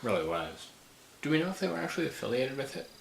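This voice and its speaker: A man's voice: medium pitch, sing-song, quick pace, creaky, slight background noise. A tired man in a casual film chat, hesitant and often searching for the right word. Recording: roomy echo.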